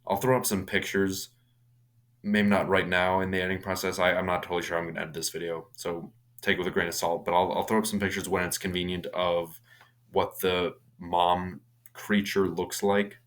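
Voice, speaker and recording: A man's voice: sits low, level tone, a little fast, a bit bright. A young man casually recapping a horror film, rambling with many restarts and casual swearing. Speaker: movie reviewer.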